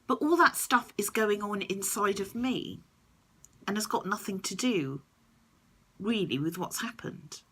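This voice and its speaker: Slow, lively-voiced woman vlogger. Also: mid-range voice, slightly rough. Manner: thoughtful, explanatory. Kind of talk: reflective talk to camera.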